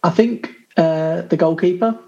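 Brief: higher-voiced man, podcast panellist, careful and hesitant. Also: mellow, lo-fi sound. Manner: measured, thoughtful, hesitant with many ums. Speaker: podcast co-host. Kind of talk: casual chat.

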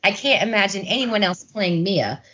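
A woman's voice: medium pitch, animated, moderate pace, fairly bright tone, breathy edge. A woman co-hosting a casual film podcast, swearing freely and acting out scenes as she talks. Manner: swears freely, acts out scenes with quoted voices. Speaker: podcast co-host. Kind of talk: casual film-discussion chat.

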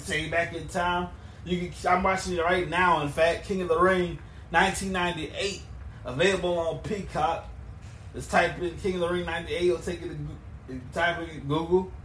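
A man with a high, bright voice talks through wrestling history on his own podcast. He rambles, stumbles and restarts, then bursts into loud emphatic questions. The sound is roomy and echoey. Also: slight background noise. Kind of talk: solo podcast recap and show plugs.

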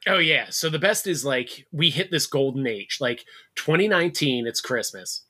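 Animated man with a bright voice. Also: a little high, slightly rough. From New Jersey. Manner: animated storyteller, quick asides. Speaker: podcast guest, teacher. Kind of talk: casual chat.

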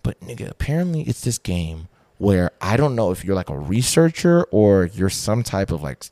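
A young man co-hosting a podcast, telling animated, slangy stories in casual chat and swearing freely. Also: fairly low pitch, moderate pace, no echo, clean studio sound. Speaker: podcast co-host.

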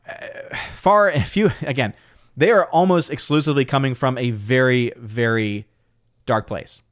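A man's voice: mid-range voice, no echo, clean studio sound. A man hosting a live stream, chatting casually about movies, reading viewer comments aloud and laughing often. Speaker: livestream host.

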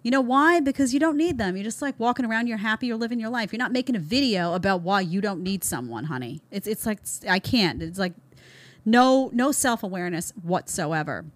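A woman's voice: medium pitch, lively intonation, a little fast, no room sound. Emphatic woman host, dry close mic. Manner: emphatic, repeats words, rhetorical questions. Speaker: show host reacting to clips. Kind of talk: opinionated commentary.

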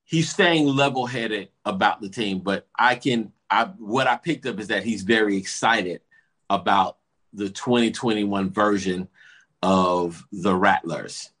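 On a laid-back sports talk show, a co-host with a fairly low, unhurried voice spins animated stories. Along the way he acts out the things coaches said.

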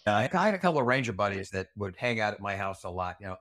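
A man's voice: on the low side, very animated, fast, a bit bright, no room sound, studio quality. A middle-aged man, a retired Army Ranger staff sergeant, telling a long story in a casual interview, rambling with fillers and restarts and plenty of swearing. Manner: rambling, frequent fillers and restarts, salty language.

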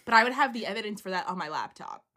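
A woman's voice: medium pitch, big pitch swings, racing, bright, forceful tone. A young woman co-hosting a podcast in casual chat, playful and teasing, laughing often. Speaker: podcast co-host.

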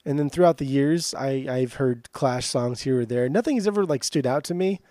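A young man chatting casually as co-host, his voice warm and mellow. He rambles with plenty of hesitations and likes to tease. The sound is dry and close, with no room around it. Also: mid-range voice, moderate pace, no echo. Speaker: podcast co-host. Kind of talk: casual chat.

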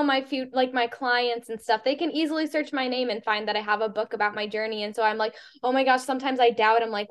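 A young woman hosting a casual podcast conversation. She is effusive and warm, with a fairly high voice. Her sentences are loose and full of "like" and "um". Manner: effusive and warm, many fillers like "like" and "um". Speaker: podcast host.

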